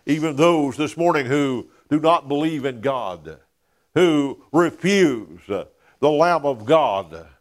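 A man preaching a sermon in a church, filling pauses with "uh" and dropping to a near whisper on key words. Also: on the high side, animated. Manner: preaching with frequent "uh" fillers, dropping to hushed emphasis.

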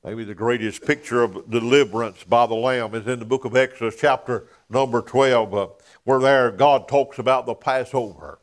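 A man preaching a sermon in a church, filling pauses with "uh" and dropping to a near whisper on key words. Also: mid-range voice, fairly even intonation. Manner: preaching with frequent "uh" fillers, dropping to hushed emphasis.

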